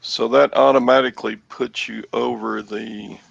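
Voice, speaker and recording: A man's voice: medium pitch, steady tone, normal speed, vocal fry, husky, no room sound, dull audio. A middle-aged man, co-hosting a casual chat in a wry, self-mocking way. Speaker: show co-host.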